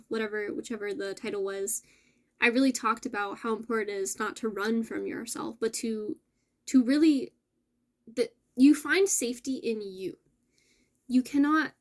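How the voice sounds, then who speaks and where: A woman hosting a casual spiritual message for her viewers, gentle and affirming, with soft laughs and self-corrections. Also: on the high side. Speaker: spiritual channel host.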